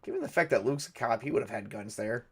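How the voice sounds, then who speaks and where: Sex: man. Role: solo game master. Style: narrating a tabletop game. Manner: muses aloud, hesitant, full of fillers. Pitch: middling. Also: expressive, quick pace, a bit bright, slightly rough.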